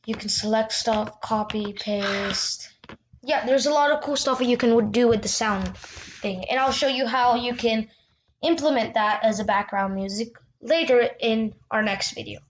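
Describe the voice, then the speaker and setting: A woman's voice: on the high side, a little slow, a little hiss or hum. A woman hosting a casual screen-recorded tutorial, talking loosely with restarts and little fillers. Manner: chatty, loose, with restarts and "yeah". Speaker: tutorial host.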